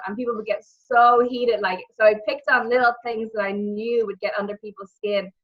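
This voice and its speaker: A young woman with a Dublin Irish accent, a guest telling lively stories in a casual interview. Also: mid-range voice, normal speed. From Ireland. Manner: animated storytelling, repeats words, acts out quotes. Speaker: interview guest, former wrestler and actress. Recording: muffled lo-fi audio.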